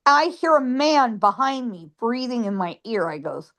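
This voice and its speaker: A woman tells a ghost story over the phone, acting out what she said in the moment. Her voice sits a bit high. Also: unhurried, hardly any pauses. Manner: lively storyteller, acts out her own lines. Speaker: guest.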